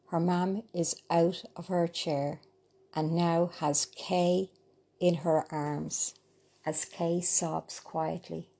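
A woman reading a story aloud, slow and gentle, with small slips. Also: sits low, fairly even intonation, creaky, husky. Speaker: narrator. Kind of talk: storytelling narration.

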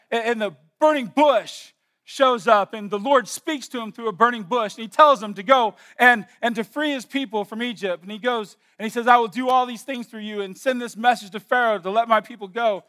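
A man preaching a sermon to a congregation, emphatic and swinging between hushed and loud. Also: high voice, moderate pace, smooth. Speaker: pastor. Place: church with slides.

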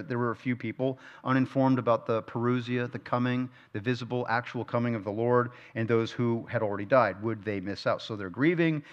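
A man leads a verse-by-verse Bible study in an ordinary, mid-range voice. He keeps asking his listeners questions and drives points home by repeating key phrases. The recording sounds slightly dull and lo-fi. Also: medium pitch. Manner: asks the listeners frequent rhetorical questions. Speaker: Bible teacher.

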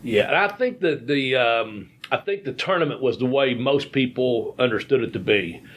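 A man's voice: mid-range voice, lively intonation, normal speed, fairly bright tone. A man, a podcast co-host and former wrestler, telling rambling stories in casual chat. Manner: rambling, folksy, repeats words.

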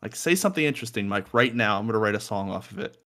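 A young man with a fairly low voice talks casually on a music podcast from a room at home. He jokes, swears freely and laughs often between his points. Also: expressive, rapid-fire, fairly bright tone. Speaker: podcast co-host.

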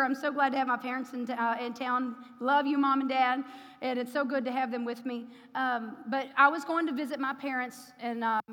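High bright-voiced woman preaching in a hall. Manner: emotive storytelling, addresses the congregation directly. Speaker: speaker at a church service. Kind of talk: sermon with personal story. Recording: reverberant hall.

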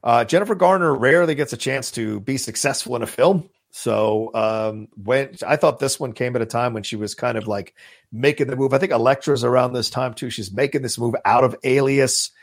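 A man with a gravelly, slightly husky voice rambles with enthusiasm as he co-hosts a casual podcast about movies. The sound is dry and close, with no room around it. He swears here and there in easy chat. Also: medium pitch, fairly quick, no echo. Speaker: podcast co-host.

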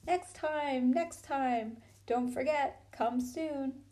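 Sly witch queen, smooth and coaxing, commanding, storybook figure, read by a woman, mellow voice. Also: a little high, normal speed, lightly acted. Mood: teasing. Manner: smooth and persuasive.

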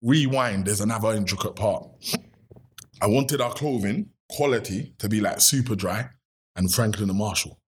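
A young man from London with a London accent, telling a story in lively casual chat and acting out the voices of people in it. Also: moderate pace. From London, England. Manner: lively, acts out quoted voices with big pitch jumps. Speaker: guest telling a business story.

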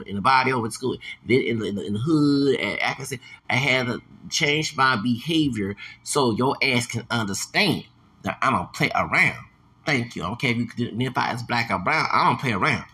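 A man's voice: mid-range voice, bright, forceful tone, slightly rough. A man hosting a podcast, delivering a heated, profane monologue and hammering phrases over and over like chants. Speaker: podcast host.

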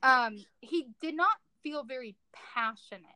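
A young woman co-hosting a podcast, chatting in an excitable, dramatic way full of fillers. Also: high-pitched, measured pace, no echo, poor audio. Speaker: podcast co-host. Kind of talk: casual chat.

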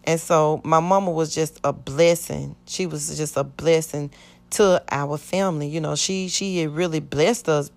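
Middle-aged woman, low-ish voice, earnest rambling testimony, voices the people in her story. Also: fairly even intonation, a little slow, vocal fry. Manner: earnest, rambling, acts out quoted speech. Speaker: church member giving testimony.

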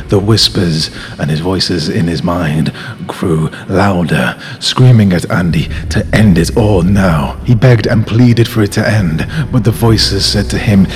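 Deep-voiced man reading a horror tale. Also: long reverb tail. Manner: dramatic, drawn-out storytelling. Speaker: podcast host. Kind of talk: mock-horror story reading.

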